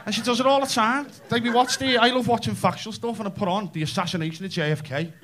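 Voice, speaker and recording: A man's voice: high-pitched, fairly even intonation, fast talker. A man doing a brash, sweary stand-up comedy set and addressing the crowd in a club. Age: 30s. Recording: live club audience laughter. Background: audience laughing and cheering.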